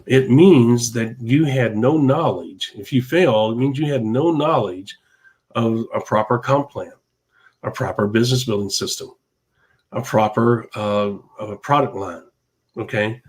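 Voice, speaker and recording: A man's voice: mid-range voice, unhurried, a little mellow. A man hosting a podcast, giving an emphatic, repetitive motivational monologue in a preachy tone. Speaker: podcast host.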